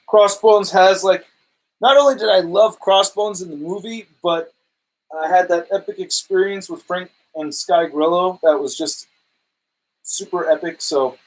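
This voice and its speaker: A man in his thirties with a fairly high voice talks on a casual home livestream. He rambles excitedly and leans on slang as he sorts his shelves. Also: poor audio. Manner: excitable, rambling, says dude and epic. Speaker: collectibles livestreamer. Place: home display room.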